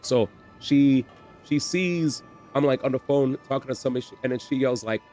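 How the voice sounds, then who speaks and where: A man hosting a livestream, telling a story in an animated, slangy way with swearing and repetition. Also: mid-range voice, moderate pace, soft background music. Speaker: livestream host. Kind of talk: casual storytelling on stream.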